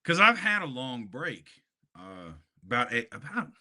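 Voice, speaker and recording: Speaking in a mid-range voice that sounds pushed and bright, a Hawaiian podcast co-host rambles through a story in casual chat, chuckling and using plenty of fillers. He's very animated but keeps a measured pace.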